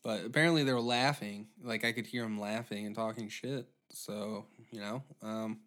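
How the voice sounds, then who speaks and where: A man hosting a comedy podcast, rambling through a profane monologue with deadpan asides. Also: on the low side, normal speed. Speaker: podcast host.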